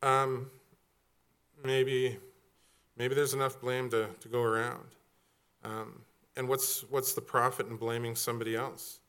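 A man's voice: medium pitch, level tone, normal speed, bright, forceful tone, clean tone. Middle-aged man, pastor, casual sermon delivery with humor. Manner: conversational, jokey, acts out quoted voices.

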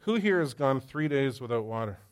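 A man preaching to a congregation in an animated, storytelling way. His pitch sits in an ordinary middle range, but he pushes it up and down for effect and keeps throwing questions out to the room. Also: fairly quick. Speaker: pastor. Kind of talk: sermon. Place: church hall with live audience.

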